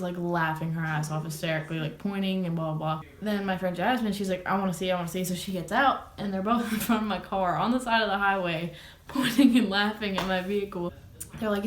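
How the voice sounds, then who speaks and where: A young adult woman casually telling a dramatic personal story on her vlog, swearing, laughing and exaggerating as she goes. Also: mid-range voice. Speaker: vlogger. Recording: echoey room.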